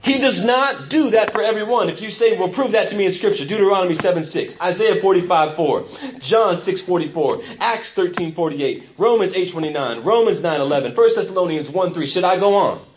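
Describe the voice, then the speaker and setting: A pastor delivering a sermon in a church with an emphatic, repetitive preaching cadence. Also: male voice, high-pitched, expressive, a little fast, a little hiss or hum. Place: church sanctuary. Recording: muffled lo-fi church recording.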